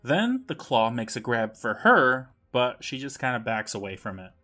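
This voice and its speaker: A man in casual podcast chat whose voice swings widely up and down in pitch. He recaps the plot between bursts of laughter, swears freely and slips into quick impressions of the characters. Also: very animated, sharp tone, faint music behind. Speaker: podcast co-host.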